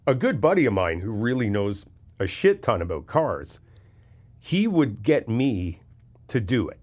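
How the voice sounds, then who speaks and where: A man's voice: on the low side, sing-song, a little slow, darkish tone. A man in a comfort audio role-play, talking as a best friend who gives casual, frank reassurance and swears freely.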